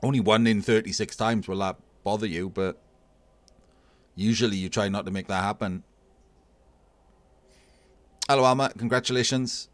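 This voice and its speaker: Man, low voice, casual game commentary, analytical and relaxed, dry close sound. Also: normal speed, pauses often, no echo. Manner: analytical, relaxed, thinking aloud with fillers. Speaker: tournament caster.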